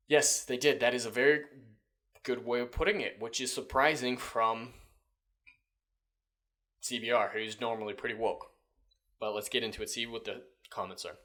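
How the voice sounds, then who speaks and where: A man's voice: mid-range voice, normal speed, pauses often, a bit bright. A man hosts a reaction commentary, reading lines from an article and tearing into them. His delivery is sarcastic and profane, with blunt, ranting asides. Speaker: commentary channel host.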